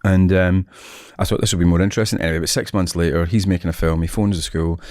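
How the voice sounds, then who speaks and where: A man's voice: sits low, steady tone, fast talker, darkish tone, no echo, clean studio sound. A Scottish man in his forties, a guest telling stories in a casual interview and often laughing. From Scotland. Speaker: actor, guest.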